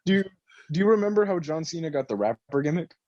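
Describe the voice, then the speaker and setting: Excitable, foul-mouthed man on a podcast. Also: fairly high pitch, quick pace, no room sound, muffled recording. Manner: swearing, excitable, laughs often. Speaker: podcast co-host. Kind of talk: casual wrestling chat.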